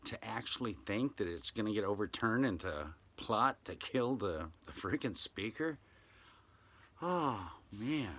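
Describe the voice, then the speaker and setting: A man's voice: lowish voice, fairly bright tone. A man hosting his own talk show, rambling and exclaiming often as he talks. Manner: rambling, exclaims often, slips into silly voices. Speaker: show host. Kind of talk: casual solo talk show monologue.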